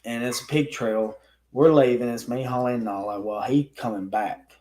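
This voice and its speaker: A man's voice: medium pitch, steady tone, normal speed, a little mellow, rough recording. Blunt, profane man telling a story. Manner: rough, informal speech. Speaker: guest telling stories from law enforcement work. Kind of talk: casual podcast conversation.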